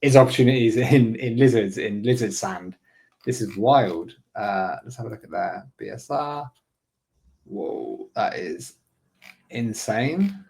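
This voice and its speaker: A man coaching online sellers in a casual screen-share walkthrough, thinking aloud and tossing in quick "right?" asides. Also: on the low side, gravelly, darkish tone.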